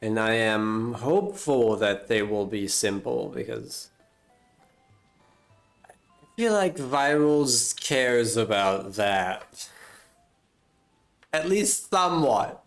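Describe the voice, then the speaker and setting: Unhurried guy streamer, rambling live chat. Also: on the low side, expressive, soft background music. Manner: rambling, self-mocking jokes, drawn-out fillers. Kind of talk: casual live-stream chat while gaming.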